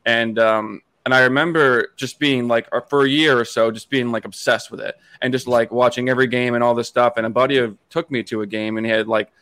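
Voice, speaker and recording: Fast-talking young man, dry sound. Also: mid-range voice, steady tone, fairly bright tone, no echo. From Massachusetts. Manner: rapid, chatty, many restarts. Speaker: podcast producer, guest. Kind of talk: casual storytelling chat.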